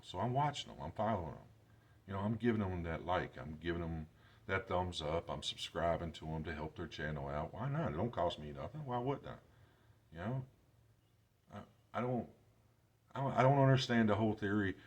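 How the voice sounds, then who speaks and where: A man's voice: very deep voice, breathy edge. A man in his forties with grandchildren, talking casually and rambling to camera in his workshop vlog, with loose, self-deprecating grammar. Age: 40s. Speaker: YouTube creator.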